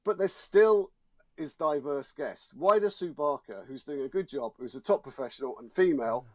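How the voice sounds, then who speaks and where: A guest showbiz journalist argues his case in a studio discussion, emphatic and indignant, repeating words as he goes. His voice sits on the high side and sounds animated, with a darkish tone and a moderate pace. There's no room sound.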